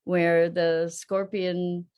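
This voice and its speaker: A woman's voice: fairly low pitch, level tone, extremely slow, darkish tone, clean tone. A woman hosting a reflective live online talk, musing aloud and posing rhetorical questions. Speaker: host and teacher.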